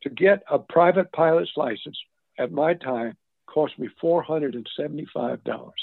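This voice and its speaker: An older man appears as an interview guest, rambling through casual stories full of restarts and asides. His voice is a little high and creaky, at a moderate pace, captured dry over a tinny phone line.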